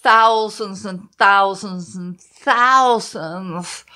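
A woman co-hosting a podcast in relaxed chat, mixing jokes with serious moments. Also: mid-range voice, extremely slow. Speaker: podcast co-host. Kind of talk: casual chat.

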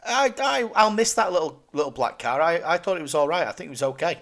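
A man's voice: fairly high pitch, expressive, quick pace, creaky, a bit bright. A man hosting a casual podcast chat, jokey and rambling, often poking fun at himself. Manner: jokey, rambling, self-deprecating. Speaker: podcast host.

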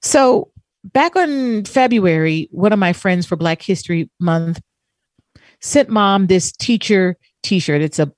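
A woman co-hosting a talk show, telling a heartfelt personal story and quoting others in soft voices. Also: medium pitch, animated, slow, no room sound. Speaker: co-host. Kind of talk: emotional personal story, casual chat.

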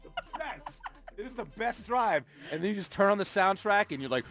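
A man with a Canadian accent co-hosting a morning radio show, playful and animated in casual banter. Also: sits high, moderate pace, faint music behind.

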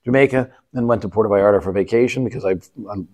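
Rapid-fire and a little mellow, this lowish male voice belongs to a Canadian co-host of a travel podcast. He rambles casually through anecdotes about his recent travels, restarting often.

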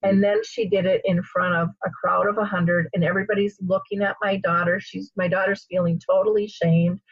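Woman host, animated storyteller, a bit breathy, dry, muffled audio. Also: medium pitch, a little fast, no echo. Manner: animated storyteller with frequent fillers. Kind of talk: conversational interview, storytelling.

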